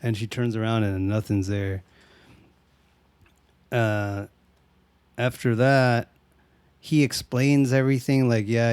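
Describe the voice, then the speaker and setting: Dude talking through a horror movie plot, laughs a lot, says dude, dry sound. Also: male voice, medium pitch, a little mellow, smooth, no echo. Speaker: podcast co-host. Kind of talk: casual movie recap chat.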